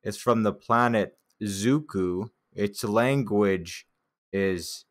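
Young man, low voice, unhurried, laid-back joking commentary with casual swearing. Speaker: artist reviewing his childhood drawings.

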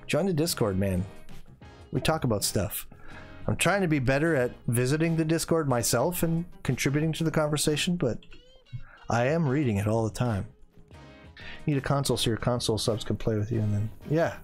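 A man's voice: mid-range voice, brisk, faint music behind. A man in his forties hosting a casual gaming livestream, rambling and getting worked up as he chats. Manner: rambling, gets worked up, then apologizes. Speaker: livestream host.

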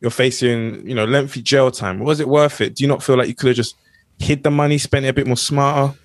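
A man's voice: medium pitch, steady tone, brisk, no echo, studio quality. A man with a South London accent hosting a podcast, joking and telling a story with many fillers. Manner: jokey, pun-making, hesitant with many fillers. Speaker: podcast host. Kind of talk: casual chat, telling a news story.

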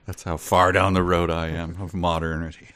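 A man's voice: low-pitched, flat delivery, a little slow, a bit bright. A man co-hosting a casual podcast, laid-back and self-deprecating in his joking. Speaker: podcast co-host. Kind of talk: casual chat.

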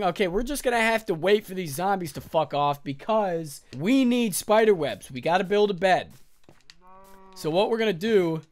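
High-voiced man narrating his game. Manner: excitable, swears, panicky yelps. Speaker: gaming YouTuber. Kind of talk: casual let's-play commentary.

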